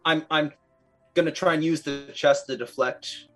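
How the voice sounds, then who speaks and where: A man's voice: fairly high pitch, fairly even intonation, normal speed, a bit bright, faint music behind. A man playing in a tabletop game, asking the game master questions casually. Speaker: player.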